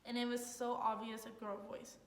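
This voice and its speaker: A woman's voice: fairly high pitch, normal speed. A young woman, a college student, telling a story in a casual, rambling way with lots of "like". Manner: rambling, heavy use of "like", excited retelling. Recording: echoey room, faint noise.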